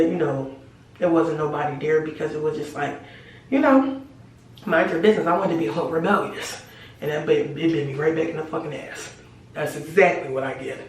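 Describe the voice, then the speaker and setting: A woman telling a storytime to her viewers in a casual, animated, slangy and profane way. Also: low voice, far from the mic. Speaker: storytime vlogger. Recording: very echoey room, voice away from mic.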